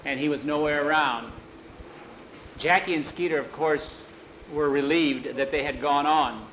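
A man telling a western tale in an unhurried, folksy way, correcting himself as he goes. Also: fairly high pitch, fairly bright tone, lo-fi sound, a little hiss or hum. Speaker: storyteller. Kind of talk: oral storytelling.

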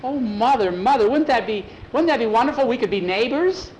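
A man voicing a young woman in a much higher, excited voice. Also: fairly quick, slight background noise, rough recording. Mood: overjoyed.

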